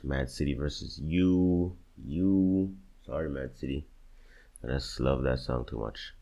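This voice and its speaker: Very deep gravelly young man reacting. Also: slow pace, dark tone. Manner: agonized, swears often, talks to himself while choosing. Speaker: music bracket creator. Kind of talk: casual reaction commentary.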